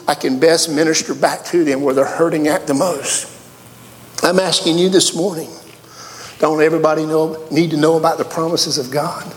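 A man with a Southern accent preaching a sermon in a folksy way, telling personal stories and swinging from quiet talk up to high, excited lines. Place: church. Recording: long reverb of a large hall.

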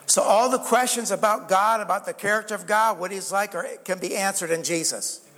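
A man delivers an earnest sermon in a high register, asking the congregation question after question and calling for amens. His voice rings with the long reverb of a large hall. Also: brisk, a bit bright. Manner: earnest preaching with rhetorical questions and call-outs of amen. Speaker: pastor.

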